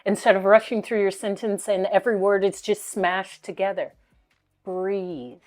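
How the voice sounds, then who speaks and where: A woman speaking coach giving motivational speaking tips, deliberate, pausing often and repeating key words. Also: medium pitch, darkish tone, soft background music.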